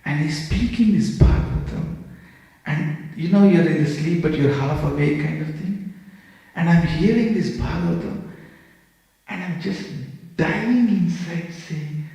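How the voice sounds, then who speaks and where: A man giving a lively storytelling sermon with a slightly higher-than-usual voice. He acts out the dialogue as he tells it. His voice rings through a temple hall with a long, heavy echo. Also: measured pace. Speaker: speaker giving a class.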